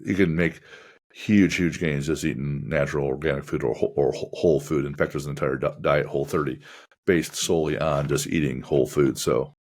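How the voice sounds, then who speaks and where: A man hosting a podcast in a very deep voice. He talks in a measured, reflective way and lets his questions wander before he lands them. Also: fairly even intonation, darkish tone. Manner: measured, reflective, asks long rambling questions. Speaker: podcast host. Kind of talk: casual interview chat.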